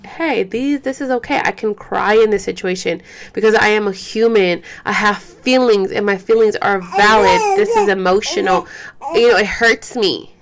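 A woman's voice: mid-range voice, normal speed. A young woman at home, talking candidly to her viewers in a loose, casual way, full of fillers and swearing. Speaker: vlogger. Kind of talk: casual talk to camera. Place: home, caring for a baby.

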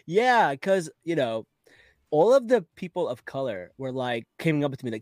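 A man's voice: fairly high pitch, animated, moderate pace, darkish tone, no echo, clean studio sound. Laughing, chatty male podcast host. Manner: laughing, joking, stammers on restarts. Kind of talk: casual chat.

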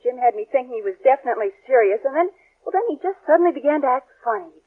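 An actress playing an anxious young woman in a 1940s radio commercial sketch, fretful and rapid. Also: sits high, lively intonation. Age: young adult. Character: anxious young woman worried about her boyfriend. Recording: tinny old radio broadcast.

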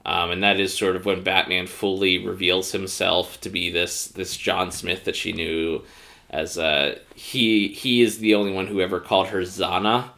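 Male co-host, deep and bright, loose conversational recap style. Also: little pitch movement, normal speed, gravelly. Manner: rambling, recaps plot with many fillers. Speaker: podcast co-host. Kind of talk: casual episode review.

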